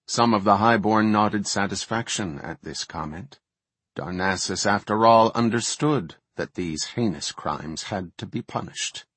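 A man reading a fantasy audiobook in a measured, steady way. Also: on the low side, breathy edge, no room sound. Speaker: audiobook narrator.

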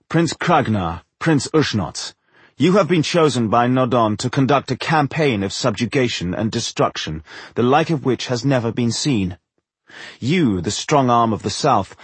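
A man voicing a cold, haughty male elf envoy who speaks barely courteously, with a husky voice. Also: medium pitch, dry recording. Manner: barely courteous, take-it-or-leave-it tone.

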